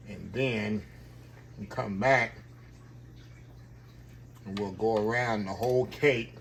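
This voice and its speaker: A folksy Southern US cooking vlogger chats away in his home kitchen, regularly calling viewers "y'all." His voice is on the low side, and a little hiss or hum runs under the recording.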